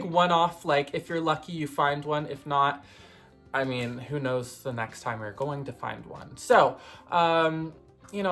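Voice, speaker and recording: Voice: medium pitch, fairly bright tone. A collector hosting a casual vlog about her vintage plush toys, talking in a rambling, conversational way with lots of fillers. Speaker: vintage toy collector vlogger.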